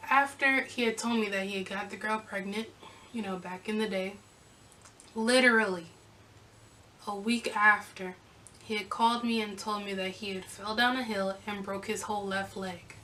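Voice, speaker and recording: Young woman doing a storytime vlog, sassy and animated, bright voice, kinda far from the mic. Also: mid-range voice, normal speed. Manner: sassy, animated retelling with quoted back-and-forth. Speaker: vlogger. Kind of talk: casual storytime.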